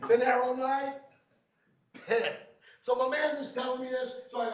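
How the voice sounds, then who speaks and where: Male trainer, very high voice, joking storyteller who quizzes his class; recorded far off in a very echoey room. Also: flat delivery, normal speed. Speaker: field service trainer. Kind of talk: hands-on technical training class.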